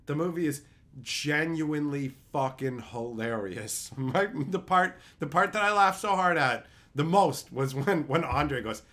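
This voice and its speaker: A man's voice: on the high side, measured pace, a bit bright. A man streaming live, chatting casually with his chat and ranting with repeated, profane phrases. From Canada.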